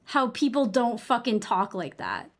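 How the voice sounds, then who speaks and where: A woman's voice: fairly high pitch, sing-song, unhurried, faint music behind. A young woman with a New England accent chatting casually while gaming on a live stream, rambling, saying "like" a lot and swearing freely.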